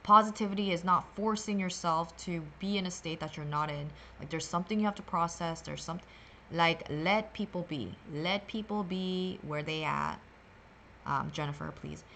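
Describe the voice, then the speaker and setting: A woman's voice: lowish voice, normal speed, fairly bright tone, slight background noise. A woman hosting a meditation livestream, talking casually and sassily through a card reading, rambling with playful filler sounds.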